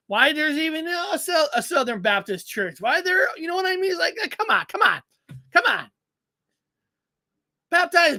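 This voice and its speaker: Stammering man with a sharp, bright voice. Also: extremely high pitch, dry recording. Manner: rambling, stammering repetitions, frequent laughs. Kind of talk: casual chat.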